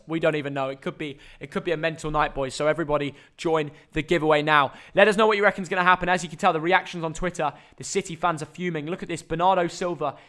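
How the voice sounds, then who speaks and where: Young guy hosting a footy reaction stream, high voice, rattles along super quick, all hyped up. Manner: excitable, rapid hype for viewers. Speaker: host. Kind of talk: live football reaction stream.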